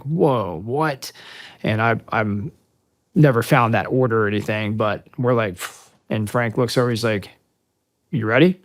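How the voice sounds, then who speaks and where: A middle-aged American man, a military veteran, telling war stories in a casual interview, with many fillers and acted-out dialogue. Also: mid-range voice. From United States. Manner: conversational, many fillers, acts out quoted dialogue.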